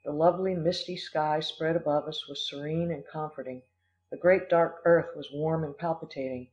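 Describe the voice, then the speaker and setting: A man narrating an audiobook in a measured, expressive storytelling manner. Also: on the high side. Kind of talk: audiobook reading. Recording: dull lo-fi recording.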